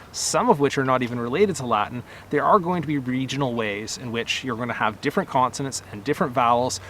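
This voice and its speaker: A middle-aged man speaks casually outdoors in a medium voice, relaxed and conversational. He pauses on fillers and corrects himself as he goes. Faint traffic hums behind him. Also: medium pitch. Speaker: rose nursery grower and channel host. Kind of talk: casual talk to camera.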